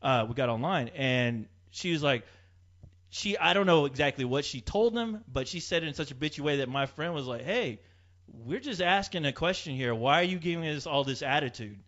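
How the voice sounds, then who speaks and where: A man with a bright, somewhat high voice tells a story in casual, profane chat and laughs often as he acts out the people in it. The recording sounds dull and lo-fi. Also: lively intonation, normal speed.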